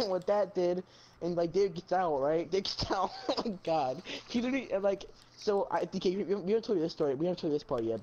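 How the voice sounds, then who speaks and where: A man's voice: fairly high pitch, dull audio, a little hiss or hum. A man telling a funny story in casual chat, laughing through it and swearing a lot. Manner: laughing, profane, animated storyteller. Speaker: gaming channel co-host.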